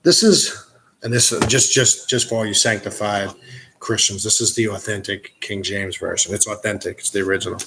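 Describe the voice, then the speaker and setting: A man's voice: on the low side, moderate pace, vocal fry, pushed and bright, slight background noise. A man giving casual, profane commentary as an occult teacher, reading scripture aloud and mocking it. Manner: profane, mocking, reads aloud then rants.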